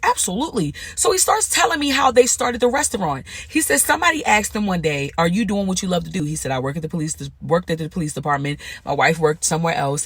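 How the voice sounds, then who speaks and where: A woman's voice: mid-range voice, husky, no echo. Chatty woman vlogger telling a story. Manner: animated, chatty, slangy, quotes people in lively voices. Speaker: vlogger and comedian motivator. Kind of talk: casual storytime vlog.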